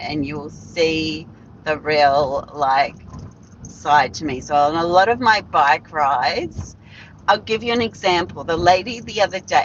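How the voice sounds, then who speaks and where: A woman's voice: low voice, dull audio, a little hiss or hum. A woman telling stories on a casual live stream, blunt and rambling, swearing freely and restarting her sentences.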